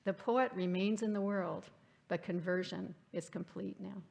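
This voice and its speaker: Woman lecturer, mid pitch, gravelly edge; thoughtful, reads quotes aloud. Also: fairly even intonation, a little slow, darkish tone. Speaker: lecturer at a church forum. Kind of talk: literary lecture. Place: church hall.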